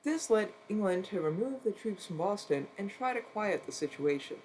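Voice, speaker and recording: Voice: medium pitch, animated, moderate pace, a little mellow, a little hiss or hum, rough recording. Streamer cold-reading a history text. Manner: reads steadily, saying "quote" and "end quote" around quotations; adds brief wry asides between passages.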